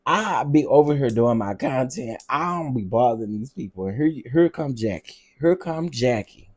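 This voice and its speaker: A man's voice: medium pitch, moderate pace. Exasperated man ranting on his vlog. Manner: animated, repetitive, exasperated. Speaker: vlog host.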